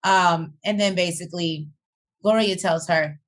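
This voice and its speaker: A woman's voice: lowish voice, measured pace. A woman co-hosting a TV review chat, commenting bluntly with slang and swearing. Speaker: co-host reviewing a TV episode. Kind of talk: casual recap chat.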